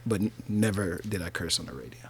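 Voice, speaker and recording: A man's voice: low voice, fast talker, breathy edge. A man in his fifties from North Carolina, a radio DJ telling stories in a casual interview with laughs and easygoing slang. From North Carolina, USA. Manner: animated, laughing storyteller using casual slang.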